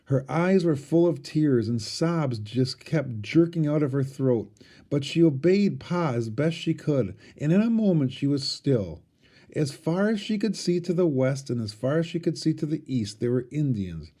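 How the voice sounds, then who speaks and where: A man, a teacher, reading a storybook aloud with expressive storytelling. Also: a little high, normal speed.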